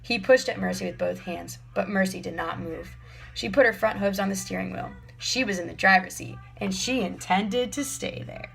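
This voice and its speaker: Gravelly woman reading a storybook. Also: medium pitch, a bit bright, soft background music, rough recording. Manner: clear, measured storytelling. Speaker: audiobook narrator. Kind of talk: scripted narration.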